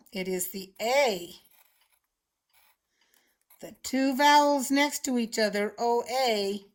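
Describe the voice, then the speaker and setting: A woman teaching a children's phonics lesson, explaining words slowly and patiently with clear enunciation. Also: medium pitch.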